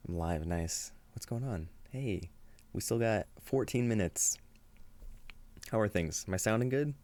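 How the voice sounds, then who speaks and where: A man's voice: sits low, normal speed, a little mellow. A man streaming live and chatting casually with his viewers in an upbeat way, laughing often. He sounds tired and a little shaky. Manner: upbeat, laughs often, reads chat aloud. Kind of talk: casual livestream chat.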